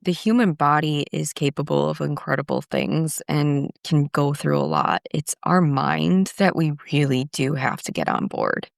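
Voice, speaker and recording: Low, gravelly-voiced woman in her forties. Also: no room sound, studio quality. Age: 40s. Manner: reflective, frequent restarts and fillers. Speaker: guest. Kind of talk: candid personal storytelling.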